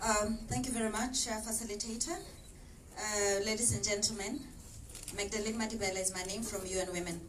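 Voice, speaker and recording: A woman's voice: mid-range voice, steady tone, brisk. A woman panelist making a formal, emphatic statement. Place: exhibition hall. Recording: distant mic, faint noise.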